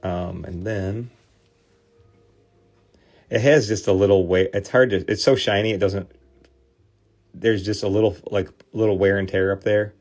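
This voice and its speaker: A man in his forties with a Midwestern accent hosts a casual livestream. He talks straight to his viewers in a lowish voice and often backs up and restarts his sentences. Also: fairly even intonation, a little slow, pauses often, darkish tone. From Michigan, US Midwest. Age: 40s. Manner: chatty, talks to viewers with many fillers and restarts. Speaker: livestream host restoring trading cards.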